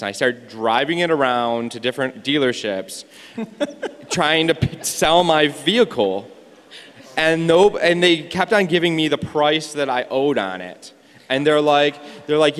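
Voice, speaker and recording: Man on stage at an event, lively casual storyteller, mid-pitched, big echoey hall sound. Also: normal speed. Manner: animated storytelling, laughing and swearing. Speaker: event speaker. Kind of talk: personal story told on stage.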